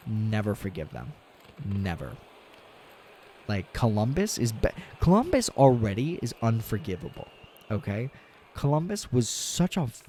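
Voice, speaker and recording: A man streaming a game, talking casually and ranting with lots of swearing, dropping to low mutters and rising to loud outbursts. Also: sing-song, moderate pace, a little hiss or hum. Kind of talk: casual gaming stream chat.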